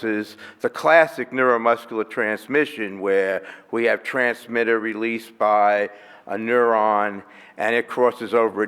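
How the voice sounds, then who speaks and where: In a hotel conference room, a physician presents a methodical, explanatory lecture at a medical conference, going through his slides step by step. His mid-range voice is clean and fairly bright, though the hall itself is reverberant.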